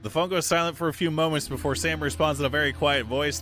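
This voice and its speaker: Man, streamer, bright voice, reads game story aloud casually, faint music behind. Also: on the high side, fairly even intonation, fast, few pauses. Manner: casual reading with quips and slips. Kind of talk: reading game text aloud while playing.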